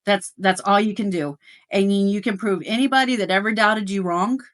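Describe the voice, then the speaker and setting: Animated middle-aged woman telling her story. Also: medium pitch, normal speed. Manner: animated storytelling, rising excitement, many fillers. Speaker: guest, dealership service manager. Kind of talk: casual interview chat.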